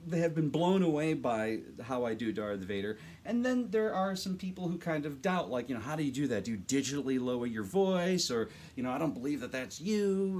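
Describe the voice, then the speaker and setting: A voice actor in casual, chatty tutorial talk, rambling with many fillers, recorded into a condenser mic in a small home studio. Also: male voice, a little high, darkish tone, breathy edge.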